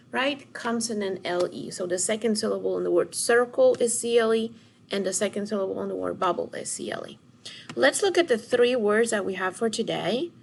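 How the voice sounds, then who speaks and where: Woman teacher doing a phonics lesson, kinda gravelly voice, patient call and response, faint hiss behind. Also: mid-range voice, low-quality recording. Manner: patient, drawn-out word modeling with call-and-response prompts.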